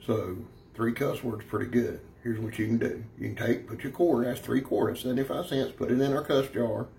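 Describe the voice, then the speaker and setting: This is a man doing a casual review, folksy and wandering off topic with a cocky streak. His mid-pitched voice carries a rough, gravelly fry. A faint noise sits under the recording. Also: steady tone, a little fast, a little mellow. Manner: folksy, rambling, brash, keeps calling viewers "son". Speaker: knife reviewer.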